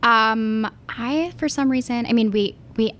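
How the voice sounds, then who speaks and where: A musical theater actress from Pennsylvania, USA, talks casually as an interview guest, sounding thoughtful and using many fillers and restarts. Her voice is a little high and fairly bright, and she speaks unhurriedly.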